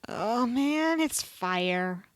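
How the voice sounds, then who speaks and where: A woman's voice: on the high side, animated, very slow, no echo. A woman streamer reading online quizzes aloud in a casual, sarcastic way, swearing offhandedly as she goes.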